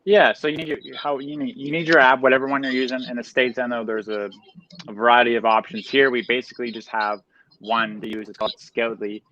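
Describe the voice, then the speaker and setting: A man from Canada, a guest on a live stream, talking in a loose, slangy, energetic way with many fillers. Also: medium pitch, brisk, lo-fi sound. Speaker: guest, reseller. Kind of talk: casual interview chat.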